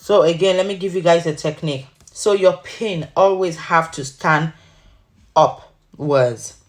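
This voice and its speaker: Low-voiced chatty woman teaching wig making. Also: unhurried. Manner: chatty and sassy, calls viewers honey and sweetheart. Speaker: wig maker showing her craft. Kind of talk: casual tutorial talk to viewers.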